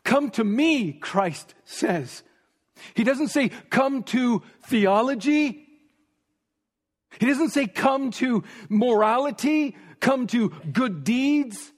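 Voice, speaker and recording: A man with a high voice preaches a sermon at an unhurried pace, leaning on repeated phrases and sometimes sinking to a near whisper. His voice rings with the long reverb of a large church hall. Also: lively intonation. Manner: emphatic, repeating phrases, dropping to a hush for stress.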